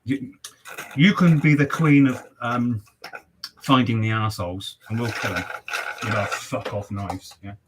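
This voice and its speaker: A man's voice: medium pitch, measured pace, background noise. Sweary ranting barber man. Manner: sweary, ranting, mock-outraged. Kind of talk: livestream chat while cutting hair.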